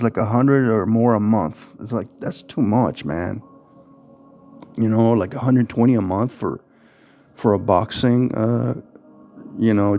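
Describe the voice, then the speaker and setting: Casting: man, mellow and relaxed, rambling vlogger, soft music under. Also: medium pitch. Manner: rambling, casual, with many fillers and restarts. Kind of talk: casual talk to camera.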